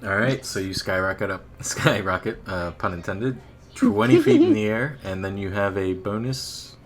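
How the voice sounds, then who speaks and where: A man running a tabletop game as dungeon master, narrating in a relaxed, unhurried way with frequent fillers. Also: fairly low pitch.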